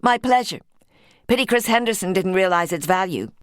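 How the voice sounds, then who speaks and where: A woman's voice: medium pitch, expressive, normal speed, clear, resonant tone, no room sound, studio quality, close to an everyday voice. A woman voicing a wry American dealer. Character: chatty American woman antiques dealer, about fifty.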